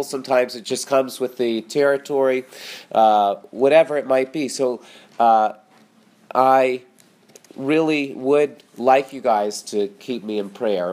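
A man's voice: medium pitch, a little mellow. Middle-aged pastor guy, chatty sermon and prayer, lots of uh and right. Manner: conversational, with frequent fillers and tag questions.

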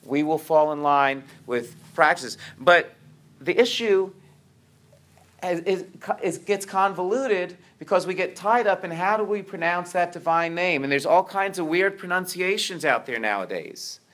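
A man's voice: sits high, unhurried, a bit bright. A man preaching a sermon to his congregation, often restarting his words and checking in with "right?".

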